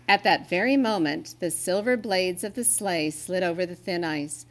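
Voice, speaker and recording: A woman reading a children's story aloud in a gentle, expressive storytelling way. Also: lowish voice, normal speed.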